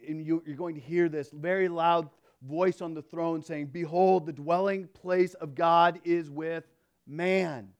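A man delivers a sermon in a high voice for his sex, quoting scripture with strong emphasis. He climbs to loud, ringing lines and then drops to hushed, near-whispered passages, often stumbling and restarting between verses. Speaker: pastor.

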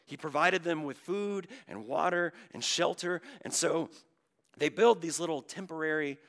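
Guy preaching, higher voice, gravelly and bright, gets hushed then loud. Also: moderate pace. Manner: swings from hushed to loud, stretching key words. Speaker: pastor. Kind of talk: sermon.

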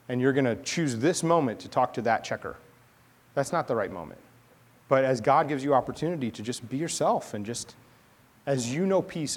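A man in his thirties, a pastor, preaching a sermon in a conversational storytelling way with chatty asides. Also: medium pitch.

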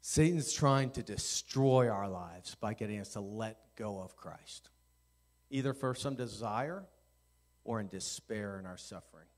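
A middle-aged male pastor preaching a sermon, swinging from quiet intensity to loud, animated storytelling. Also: lowish voice, measured pace.

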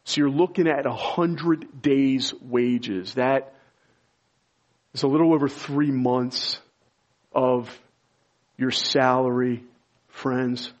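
A man preaching a sermon as pastor, explaining scripture and rising to loud, high-pitched emphasis when stirred. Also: fairly even intonation, slow, long pauses, dull audio.

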